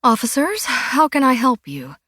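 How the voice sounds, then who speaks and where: A woman voicing an anxious, protective hostess who speaks in a higher, brisk, guarded voice. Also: very animated, a bit bright, breathy edge, dry recording, studio quality, full character voice.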